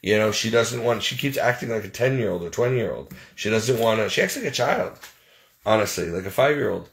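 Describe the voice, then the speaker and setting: Fairly quick and lively in intonation, a low-voiced vlogger tells his viewers everything bothering him. It's casual venting to camera, plain-spoken and exasperated.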